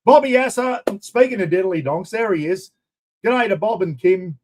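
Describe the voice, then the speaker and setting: Brief: Australian man, charity stream host, chatty and matey, voice sits a little high. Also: animated, normal speed. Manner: matey, rambling shout-outs to viewers. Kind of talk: casual live-stream chat.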